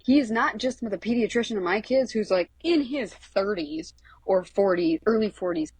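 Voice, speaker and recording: A woman's voice: mid-range voice, lively intonation, moderate pace, a little mellow, husky, no echo. A woman in her thirties, a podcast guest, chatting casually in a blunt, profane, enthusiastic way. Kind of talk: casual chat.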